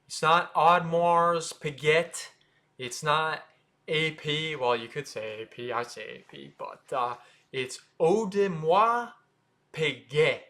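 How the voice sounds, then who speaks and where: An American man hosting a watch channel, casually explaining how to say brand names, sounding them out slowly with offhand asides. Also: mid-range voice, vocal fry, pushed and bright. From United States. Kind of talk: casual explainer talking to camera.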